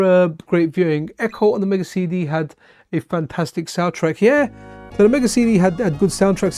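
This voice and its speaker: Tired, chatty high-voiced man streaming games. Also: darkish tone. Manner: chatty, rambling, repeats words, says "man" a lot. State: tired, yawning. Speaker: streamer playing retro games. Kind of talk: casual live-stream commentary.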